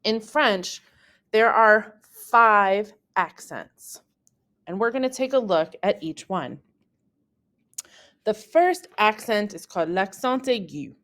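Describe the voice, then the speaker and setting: A woman, a French teacher, delivers a scripted lesson to beginners with deliberate, careful explanation. When examples come up, her pitch bounces energetically.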